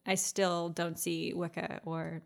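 A woman's voice: lowish voice, flat delivery, takes it slowly, creaky. A woman co-hosting a podcast in casual chat, talking freely and laughing often. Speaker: podcast co-host.

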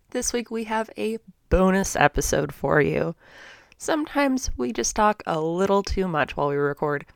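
A woman's voice: on the low side, dry recording, studio quality. A woman hosting a podcast, giving an upbeat, chatty introduction to a bonus episode. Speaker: podcast host.

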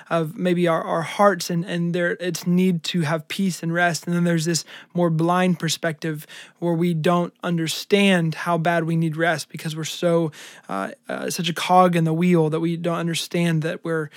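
A man's voice: sits high, no room sound, clean studio sound. A man co-hosting a devotional podcast, speaking earnestly and searching for words. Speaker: podcast co-host.

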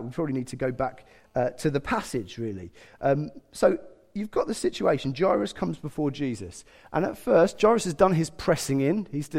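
Male preacher, middle-aged, slightly high voice, sermon with long hall reverb. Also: gravelly. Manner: animated, conversational, acts out quotes with humour.

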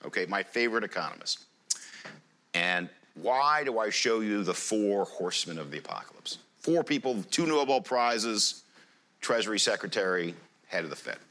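Male conference presenter, lively and jokey, bright voice, lots of pitch swing. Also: normal speed. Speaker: conference speaker. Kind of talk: live presentation to an audience.

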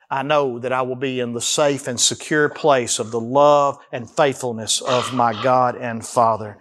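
A male pastor with a mid-range, fairly bright voice preaches a sermon. He prays aloud with emphatic rises and slow, drawn-out phrases.

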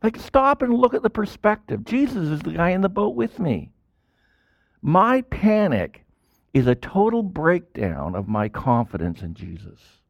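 A man preaching a sermon as a pastor, in animated style with sudden loud bursts and quiet drops. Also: a little high, moderate pace, creaky, dry recording, muffled recording.

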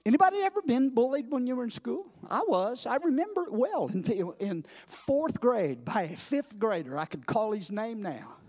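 A man preaching a sermon, moving from hushed storytelling to loud, shouting climaxes and repeating phrases for emphasis. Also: extremely high pitch, very animated, moderate pace, few pauses.

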